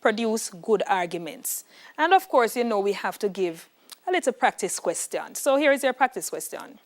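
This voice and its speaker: A woman's voice: mid-range voice, expressive, moderate pace. A woman with a Jamaican accent teaching an exam prep lesson in an emphatic, instructive way, checking in with "all right". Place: classroom.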